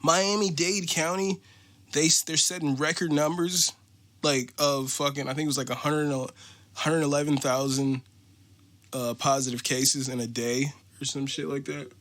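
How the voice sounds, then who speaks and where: A man's voice: on the high side, flat delivery, a little slow, a bit bright. An American man hosting a podcast, ranting in a casual, profane, mocking way. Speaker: podcast host.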